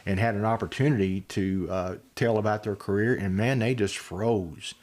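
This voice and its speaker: An older man talking haltingly as a guest, soft-spoken, with lots of fillers. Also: fairly low pitch. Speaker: podcast guest. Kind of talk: casual chat.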